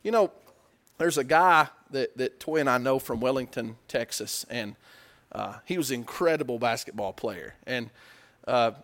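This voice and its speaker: A man preaching a sermon in a conversational way, asking the congregation questions and swinging between loud emphatic bursts and low, quiet stretches. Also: expressive, normal speed.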